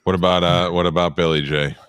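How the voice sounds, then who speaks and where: A man's voice: deep voice, little pitch movement, fairly quick, a bit bright, clean tone, no echo, clean studio sound. A man hosting a podcast, blunt in his questions and stammering through restarts. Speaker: podcast host. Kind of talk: casual podcast chat.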